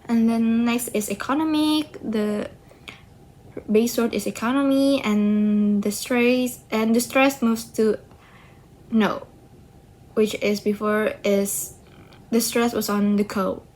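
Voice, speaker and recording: A woman, presenting slides in a student project on word stress, talking haltingly with frequent restarts. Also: fairly high pitch, fairly even intonation, darkish tone. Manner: halting, slow, restarts and self-corrections. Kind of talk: slide presentation explaining pronunciation.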